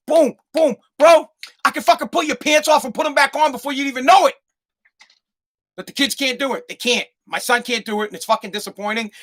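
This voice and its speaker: A middle-aged American man hosting a podcast, telling comedic stories in an animated, heavily profane way. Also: very high-pitched. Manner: animated and profane, swears constantly. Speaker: podcast host.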